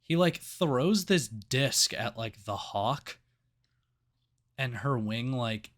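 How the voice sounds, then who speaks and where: A man's voice: mid-range voice, slow. A man co-hosting a casual movie review podcast, cursing freely and acting out scenes as he retells them. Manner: swears freely, retells scenes with animated voices. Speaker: podcast co-host.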